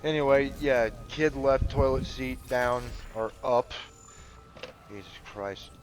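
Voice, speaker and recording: Male gamer talking slowly and loosely, many fillers and curses, easygoing rambling chat. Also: medium pitch, faint music behind. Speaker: gamer commentating a playthrough.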